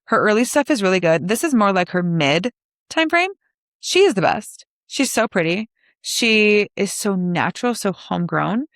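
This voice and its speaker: Lively intonation marks this young woman's mid-range voice as she hosts a podcast alone at a moderate pace. Her animated, casual chat brims with "likes" and side comments, captured in a dry, clean studio recording.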